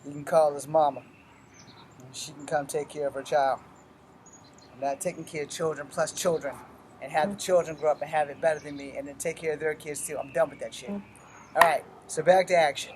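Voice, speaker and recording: A martial arts instructor walks through a casual weapons demo step by step, cursing constantly and speaking bluntly as he moves through drills. His medium-pitched voice is brisk with fairly even intonation, and a little hiss or hum sits underneath.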